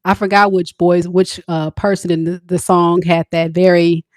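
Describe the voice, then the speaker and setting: A woman's voice: fairly low pitch, level tone, normal speed, darkish tone, dry recording, clean studio sound. A woman tarot reader chatting playfully and teasingly to her viewers in a casual reading.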